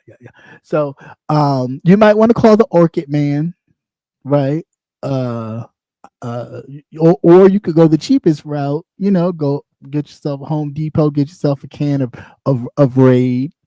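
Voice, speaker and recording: Profane, laughing livestream host. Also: male voice, mid-range voice, no room sound. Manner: loose, profane and animated, with frequent laughs and repeats. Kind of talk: casual commentary livestream.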